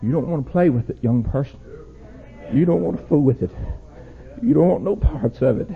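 A young man preaching a sermon, swinging from low, quiet warnings to loud shouted exhortation. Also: expressive, a little fast, gravelly. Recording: dull lo-fi church recording.

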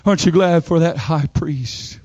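High-pitched emphatic male preacher. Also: darkish tone, no room sound, dull audio. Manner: emphatic preaching with dramatic pauses and rising pitch. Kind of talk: sermon.

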